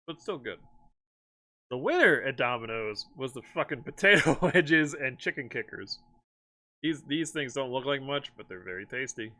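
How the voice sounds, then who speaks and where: Casual male streamer, chatty rambler, laughs a lot, mid-pitched. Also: moderate pace. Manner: rambling, laughs often, animated when excited. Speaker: streamer host. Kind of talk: casual chat.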